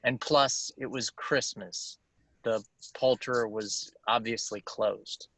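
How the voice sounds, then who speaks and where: A male co-host reading a crude comic story aloud and hosting, in a deadpan, unhurried delivery. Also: mid-range voice, no echo, low-quality recording. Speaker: podcast co-host.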